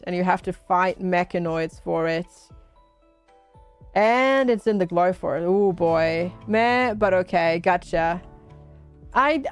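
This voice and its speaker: A woman game streamer casually chatting, greeting and reading out her chat viewers while she plays. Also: mid-range voice.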